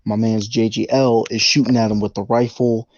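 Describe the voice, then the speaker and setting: A man's voice: lowish voice, little pitch movement, moderate pace, darkish tone, no echo, highs cut off. A man co-hosting a podcast, retelling a movie plot casually and animatedly with sound effects. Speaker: podcast co-host.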